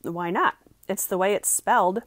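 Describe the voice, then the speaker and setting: A woman's voice: medium pitch, moderate pace, a bit bright, no echo, lightly acted. A woman voicing an earnest young man from a storybook who is learning languages and navigation.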